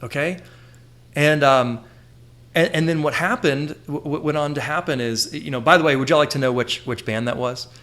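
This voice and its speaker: A man in his thirties hosting a podcast, telling a personal story with lively swings, jumping high when he acts out his younger self. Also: moderate pace. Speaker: podcast host. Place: indoor room with a shelf.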